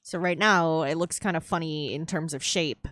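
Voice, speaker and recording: A woman's voice: sits low, normal speed, fairly bright tone, no room sound. A woman chatting casually while drawing on a live stream, swearing freely and laughing easily. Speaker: streaming artist. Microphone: headset.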